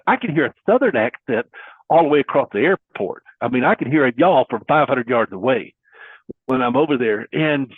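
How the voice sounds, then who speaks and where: A man's voice: fairly high pitch, dry recording. A middle-aged man speaking earnestly and preacherly in a conversational interview, with folksy metaphors. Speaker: guest caregiver advocate. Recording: husky voice over a thin phone-like line.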